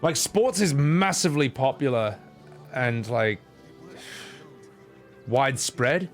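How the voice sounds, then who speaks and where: A man's voice: medium pitch, takes it slowly. Guy, young, game streamer, casual rambling, swears a lot, faint game music behind. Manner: rambling, swearing, animated rants. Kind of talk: casual live-stream commentary.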